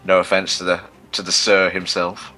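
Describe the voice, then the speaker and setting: A man's voice: deep voice, monotone, normal speed, bright, forceful tone. A man co-hosting a gaming livestream, rambling and self-mocking in casual chat. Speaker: livestream co-host.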